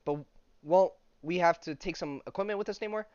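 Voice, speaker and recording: A man's voice: high voice, fairly quick, a little mellow, no echo, voice pushed up, natural voice. A man voicing an eager young sea princess while reading a comic aloud, his voice only slightly raised. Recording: dry, dull lo-fi mic.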